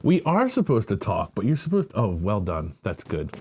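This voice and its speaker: A man's voice: on the low side, wildly swooping pitch, moderate pace, noisy background. A man co-hosting a casual beer-tasting podcast, gushing and teasing in a playful way. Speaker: podcast co-host.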